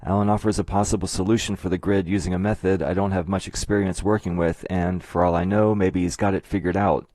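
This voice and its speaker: Male narrator for an explainer: deep voice, dry close-mic sound, measured and methodical. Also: steady tone, darkish tone, dry recording. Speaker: video essayist.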